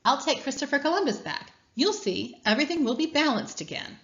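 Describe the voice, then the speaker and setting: A woman's voice: sits high, sing-song, brisk, fairly bright tone, highs cut off, voice pushed up, exaggerated voice. A woman voicing a playful, careless female trickster coyote in a read-aloud story. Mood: breezy.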